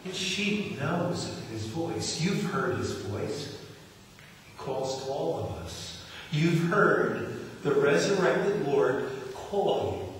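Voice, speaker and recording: Preaching as a pastor, a New Jersey man with a slightly high voice talks in a conversational way and performs the lines he quotes. There's a bit of hiss or hum, and the distant mic picks up an echoey hall.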